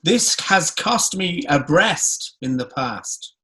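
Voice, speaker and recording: A man improvising a silly story and a mock lecture over a video call, in a playful deadpan. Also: a little high, slow. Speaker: improv performer.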